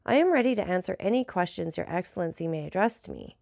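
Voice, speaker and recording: A woman voicing a grateful, devoted male bandit messenger in a measured storybook reading. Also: lowish voice, animated, creaky, a little mellow, no echo, clean studio sound.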